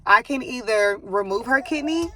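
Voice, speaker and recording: A woman's voice: fairly high pitch, lively intonation, moderate pace, very noisy. A young woman talking to camera in a rambling, casual way, with many likes and ums, telling her followers about her family. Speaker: vlogger giving a life update.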